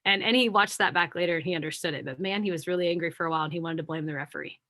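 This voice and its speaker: Candid, preachy woman with a low, dry voice. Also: racing, no echo. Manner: candid, preachy and animated, addressing listeners as friends. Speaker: guest speaker. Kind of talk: motivational talk on a video call.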